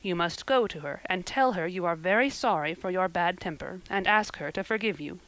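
A woman's voice: on the low side, a little fast, fairly bright tone, no room sound, natural voice, poor audio. A woman reading an audiobook, voicing a stern, dry-witted middle-aged guardian woman who speaks in a dry, reproving way.

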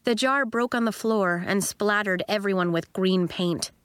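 A woman's smooth, mid-range voice moves a little slowly as she tells a children's audiobook story with expression, voicing each character distinctly. The recording carries no echo.

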